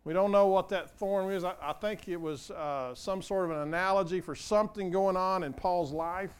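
Earnest older pastor with a clear voice. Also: male voice, high-pitched, normal speed. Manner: earnest, conversational, asks the congregation questions. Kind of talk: sermon.

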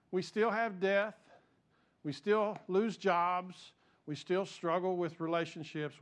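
A man with a notably high voice delivers a sermon. He preaches earnestly in a conversational, unscripted way, often restarting his sentences. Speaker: pastor.

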